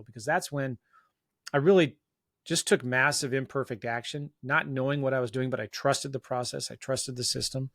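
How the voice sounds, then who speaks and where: Man, guest storyteller, casual and animated, mid-range voice, dry recording. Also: medium pitch, dry recording. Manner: animated, self-mocking storyteller who acts out quoted dialogue; loose talk full of fillers and restarts. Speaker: guest real estate investor.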